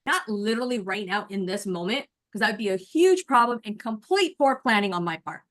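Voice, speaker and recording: A woman in her forties, a nurse coach, chatting in an animated way straight to her listeners on a video call before rehearsing a speech. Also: mid-range voice, fairly quick. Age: 40s. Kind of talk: casual chat, then rehearsing a speech.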